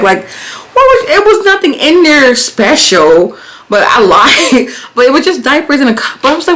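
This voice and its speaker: A young adult woman vlogger telling a dramatic story and acting out the quotes loudly. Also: a little high, a little fast. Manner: expressive, acts out quotes loudly with cursing. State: pregnant. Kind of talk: animated storytime.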